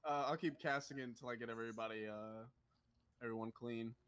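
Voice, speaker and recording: Man, mid pitch, tabletop player, playful, a bit stammery. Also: steady tone, brisk, a bit bright, smooth. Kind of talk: casual tabletop play.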